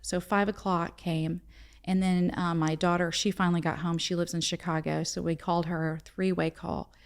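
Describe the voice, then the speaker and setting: A middle-aged woman, a guest in a conversation, earnestly tells a personal story by acting out the dialogue. Her voice is lowish and smooth, with a flat delivery at normal speed.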